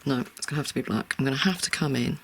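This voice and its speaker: An art tutor narrating a drawing session in real time, speaking softly and often dropping into a near-whisper. The voice sits in a middle pitch with a gravelly, fried edge. Faint noise sits under the voice. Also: racing. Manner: soft, often half-whispered, reassuring.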